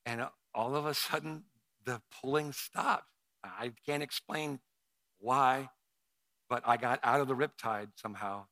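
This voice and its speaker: A man's voice: medium pitch, unhurried, sharp tone, no room sound. A man preaching a sermon, telling a personal story with emotion and frequent stammered restarts.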